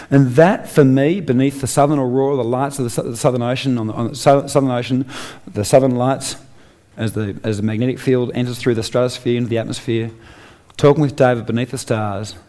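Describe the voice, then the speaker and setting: A man's voice: mid-range voice, darkish tone. An Australian man giving an emphatic motivational speech on stage, full of rhetorical questions. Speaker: inspirational speaker.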